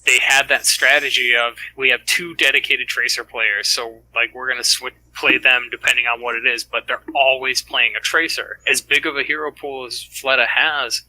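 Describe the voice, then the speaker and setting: A man with a very bright, forceful voice, co-hosting a loose esports podcast chat. He sounds eager and excitable and fills his sentences with "like". His pitch sits in an ordinary middle range. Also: moderate pace, few pauses, poor audio. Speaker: co-host.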